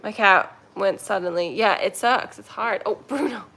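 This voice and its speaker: A woman's voice: mid-range voice, normal speed, a bit bright. A young woman hosting a casual livestream, chatting and reading viewer comments in a rambling way while talking to her cats. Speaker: kitten rescue livestream host.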